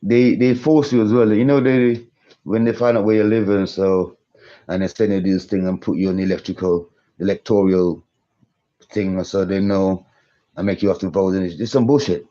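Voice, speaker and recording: A man's voice: low-pitched, steady tone, moderate pace, dark tone, muffled recording. A man in his thirties rambling through a live-stream monologue, repeating himself and swearing for emphasis. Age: 30s. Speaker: conspiracy vlogger.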